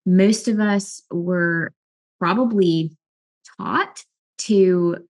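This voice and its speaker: A middle-aged woman, a life and wellness coach, explaining emotions in a calm, earnest way with frequent restarts. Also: on the low side, very slow. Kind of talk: explanatory talk to camera.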